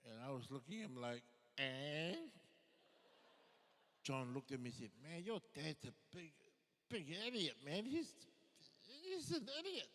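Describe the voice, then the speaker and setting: A man with a high, bright, ringing voice performs stand-up comedy into a stage microphone. He tells his stories with animated timing and pushes up to loud punchlines. Long theatre reverb trails behind every phrase. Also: measured pace, long pauses. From Samoan family. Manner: animated, builds to shouted punchlines.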